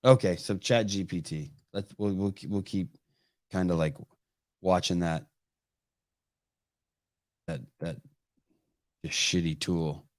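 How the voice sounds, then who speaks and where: A man hosting a live call-in podcast, talking in an animated, profane way with many restarts. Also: deep voice, slow pace, pauses often, dry recording, clean studio sound. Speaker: podcast host.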